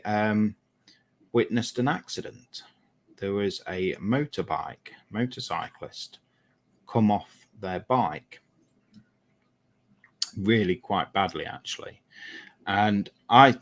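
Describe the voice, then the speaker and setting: A man's voice: fairly low pitch, lively intonation, takes it slowly, pauses often. A man, a lorry driver, chatting casually while painting a model and telling a rambling story, often correcting himself.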